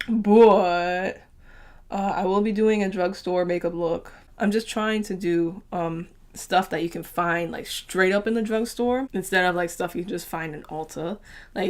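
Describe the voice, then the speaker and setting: Chatty young woman with a low voice. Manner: chatty, upbeat, laughs often, lots of fillers. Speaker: beauty vlogger. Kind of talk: chatty makeup tutorial.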